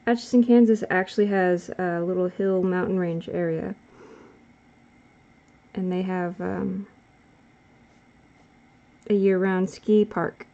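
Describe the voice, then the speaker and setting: A woman's voice: lowish voice, fairly even intonation, takes it slowly, long pauses, mellow, lo-fi sound. A woman vlogger chatting casually while she draws, rambling and correcting herself as she goes. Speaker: art vlogger. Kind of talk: casual chat while drawing.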